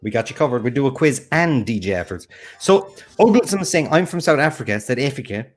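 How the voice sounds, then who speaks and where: Male quiz co-host, mid-pitched, playful banter, faint music bed. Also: very animated. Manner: joking, teasing, quick asides. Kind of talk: casual banter on a livestream.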